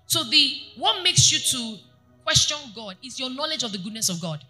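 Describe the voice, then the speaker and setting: Bright-voiced woman preaching. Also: high-pitched, moderate pace, soft background music. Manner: animated preaching, asks the congregation questions. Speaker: pastor. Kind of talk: sermon. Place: church.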